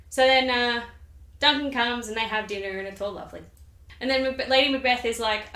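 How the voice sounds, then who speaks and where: A woman's voice: fairly high pitch, brisk, bright, forceful tone, echoey room. A woman hosting her own channel, giving a chatty, irreverent, slangy summary of a play. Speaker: channel host. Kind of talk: casual comic literature summary.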